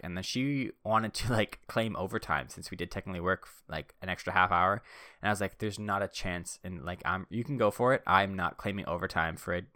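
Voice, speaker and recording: A man's voice: deep voice, bright, forceful tone, no room sound, clean studio sound. A man in his thirties telling stories in a casual, rambling, laid-back way, with many fillers. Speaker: vlogger. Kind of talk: casual storytelling.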